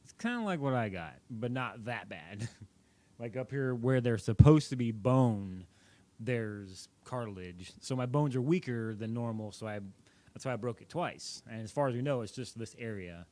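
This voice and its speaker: A man's voice: mid-range voice, animated, moderate pace, a little mellow. A young man vlogging, casually telling a personal story in a rambling, self-correcting way.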